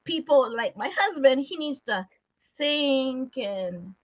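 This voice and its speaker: Woman guest, high and bright, laughing often, explains in lists; dull lo-fi recording. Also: expressive, slow. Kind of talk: casual chat. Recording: dull lo-fi sound.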